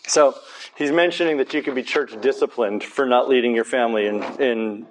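A man's voice: mid-range voice, brisk, slight background noise. A man preaching a conversational sermon in a church, earnest and informal, with casual asides to his congregation.

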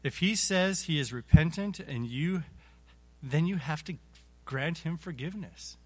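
A man with a high voice teaches an adult Bible class. He often stumbles and repeats words as he talks, and he chuckles while acting out everyday scenes to make his point. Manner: halting, repeats words, chuckles through illustrations. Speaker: Sunday school teacher.

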